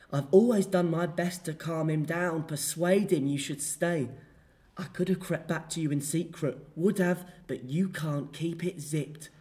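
A man with an Essex accent performing a loud, declamatory monologue as a proud, self-justifying man scolding his wife. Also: on the high side, voice pushed up, lightly acted. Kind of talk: dramatic monologue reading.

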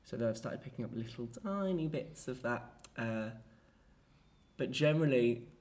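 A man's voice: medium pitch, normal speed. A young man with an Essex accent, talking casually and rambling about where he grew up, with plenty of fillers. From Essex, England. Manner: relaxed and rambling, with many fillers.

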